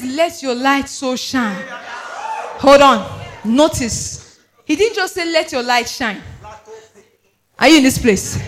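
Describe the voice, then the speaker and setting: High, bright-voiced shouting preacher. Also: male voice. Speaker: pastor. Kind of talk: shouted charismatic sermon. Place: church before a congregation.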